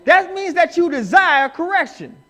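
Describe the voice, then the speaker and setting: A man preaching a live sermon in church, emphatic and rising to shouts as he acts out the people he quotes. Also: extremely high pitch, very animated, moderate pace. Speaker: pastor. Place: church sanctuary.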